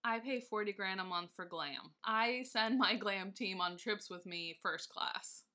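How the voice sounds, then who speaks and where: A woman's voice: medium pitch, unhurried, sharp tone. A woman co-hosting a casual chat, ranting indignantly and swearing freely. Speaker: podcast co-host.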